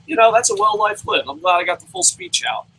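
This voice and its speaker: A man's voice: high voice, pushed and bright, slightly rough, rough recording. A man reviewing a wrestling show, ranting heatedly, swearing constantly and mocking in his commentary. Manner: mocking, acts out impressions.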